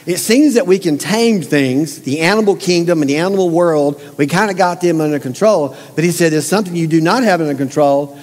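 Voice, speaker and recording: A pastor delivers a sermon to his congregation in a folksy, emphatic style, frequently pausing to ask them questions directly. His voice is fairly high for a man and a little mellow, and each line trails off in the long reverb of a church sanctuary.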